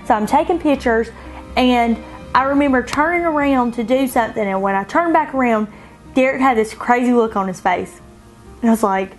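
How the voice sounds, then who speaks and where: A woman being interviewed, telling her own story in an animated way, often laughing and quoting herself in a higher voice. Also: moderate pace, poor audio. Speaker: bride interviewed about her engagement. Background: soft background music.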